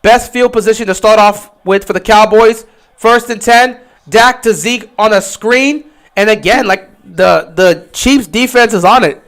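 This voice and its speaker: A man hosting a livestream, giving casual play-by-play commentary and reacting loudly to big plays. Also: a little slow. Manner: excitable, swings from low musing to loud shouting on big plays; chatty, talks straight to players and chat. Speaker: livestream host calling the game.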